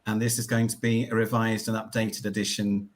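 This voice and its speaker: A man's voice: on the low side, little pitch movement, fairly quick. A man, a guest author on a live stream, explaining his project in a plain, matter-of-fact way. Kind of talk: casual live-stream chat.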